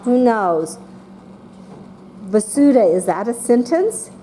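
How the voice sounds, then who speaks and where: Lively, mellow-voiced woman teaching a class. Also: a little high, a little hiss or hum. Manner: slow and patient, calling on children by name, voicing excited examples.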